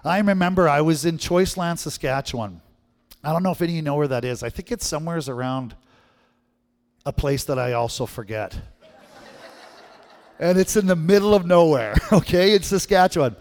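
A man's voice: on the high side, brisk, pauses often, darkish tone. A middle-aged Canadian man from Manitoba preaching a sermon, telling stories and asking the crowd questions with a frequent "right?". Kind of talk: sermon with storytelling. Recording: long reverb in a hall.

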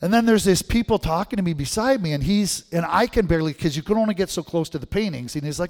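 Canadian preacher in an echoing hall. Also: male voice, high-pitched, fast talker, few pauses. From Manitoba, Canada. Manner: animated, rising questions to the crowd, frequent "right?". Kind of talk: sermon with storytelling. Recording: long reverb in a hall.

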